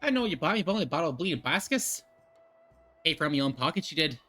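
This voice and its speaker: Streamer voicing a gruff, hearty older barkeep with a mock drawl and bright, swinging delivery. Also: mid-range voice, very animated, quick pace, soft background music. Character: gruff older male tavern keeper. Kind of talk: reading game dialogue aloud.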